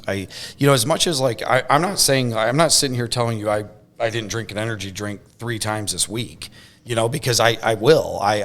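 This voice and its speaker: Rambling man with a lowish voice. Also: a bit bright. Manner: rambling, frequent restarts and fillers. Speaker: podcast host. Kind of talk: casual conversation.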